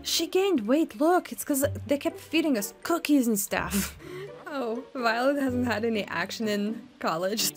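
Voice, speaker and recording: A young woman in her twenties giving casual, giggly commentary while playing a life-sim game. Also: on the high side. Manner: giggly, chatty, laughs often. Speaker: Sims gameplay streamer. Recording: music playing behind.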